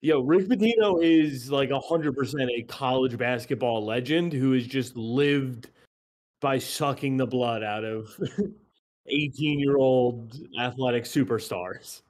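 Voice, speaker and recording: A man chatting casually as a podcast guest, animated and quick to laugh, often swearing. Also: medium pitch. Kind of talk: casual chat.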